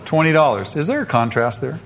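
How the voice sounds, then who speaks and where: A man preaching a sermon, asking the listeners questions and swinging between loud emphasis and soft drops. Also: a little high, sing-song, a little fast, slight background noise.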